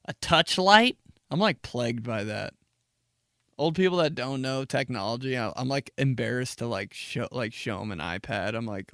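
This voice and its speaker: A young man rants alone into a close podcast mic, loose and profane, often laughing at his own stories. His voice sits at a middle pitch, and the sound is very dry with no room around it. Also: expressive, moderate pace, fairly bright tone, no echo. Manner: rambling, profane, laughs at himself, acts out dramatic reactions. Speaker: podcast host. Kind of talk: solo comedic podcast rant.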